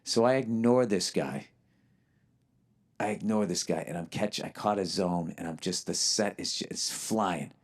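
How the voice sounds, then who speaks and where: A man's voice: sits low, a little slow. A man who is a stand-up comedian, telling stories on a podcast in a blunt way full of swearing. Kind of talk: profane podcast storytelling.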